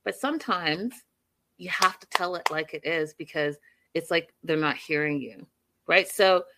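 A woman casually recapping a reality show, telling the story in an animated, opinionated way. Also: sits low, measured pace, heavy background noise.

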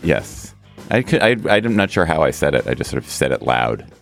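A man hosting a political podcast, talking in a relaxed, wry way with restarts and filler. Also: extremely low pitch, moderate pace, creaky, no room sound, faint music behind. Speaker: podcast host. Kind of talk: casual political podcast chat.

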